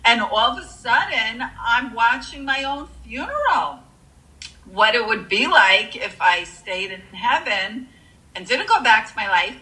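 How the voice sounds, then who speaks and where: Earnest woman with a bright voice. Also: a little high, big pitch swings, measured pace, low-quality recording. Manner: earnest, with frequent fillers. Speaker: guest sharing a personal near-death story. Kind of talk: emotional personal storytelling.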